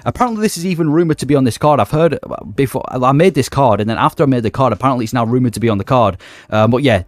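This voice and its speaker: Male vlogger, mid-pitched, rapid casual delivery, emphatic and excitable. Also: no echo. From not Australia. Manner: enthusiastic, emphatic, conversational. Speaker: MMA commentary YouTuber. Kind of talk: casual opinion vlog.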